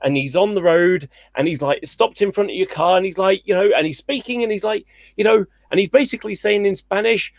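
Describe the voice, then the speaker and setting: A man hosting a call-in debate, challenging a caller in an exasperated, animated way. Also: sits high, a little fast, hardly any pauses, dry recording. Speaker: host.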